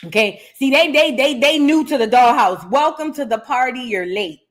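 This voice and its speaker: Lively, animated woman streamer host. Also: sits high, moderate pace. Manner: animated storytelling, calls viewers "girl", acts out quotes. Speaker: host of a live reaction channel. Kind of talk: casual livestream chat.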